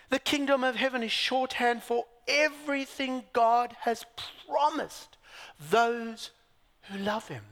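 A man preaching a sermon in a slow, deliberate rhythm. His delivery is dramatic and his pitch swings widely, rising to bold exclamations and then dropping to near whispers. His voice rings out with a long hall reverb. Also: a bit bright.

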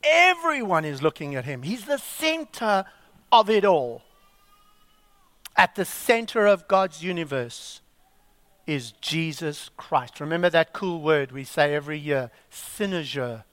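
A man preaching a sermon, emphatic and full of rhetorical questions and dramatic pauses. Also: on the high side, sing-song, fairly bright tone, dry recording. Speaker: pastor.

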